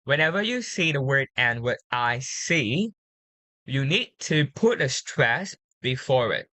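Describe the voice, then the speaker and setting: A woman tutoring English pronunciation, patiently drilling words slowly and repeating them. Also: a bass voice, big pitch swings, bright, forceful tone, dry recording. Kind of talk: one-on-one pronunciation coaching.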